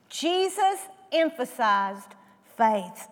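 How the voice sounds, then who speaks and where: A woman with a high voice preaches a sermon, throwing rhetorical questions at her listeners. She swings between loud, emphatic lines and hushed, almost whispered ones, and her voice trails off into the long reverb of a church hall. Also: lively intonation, moderate pace.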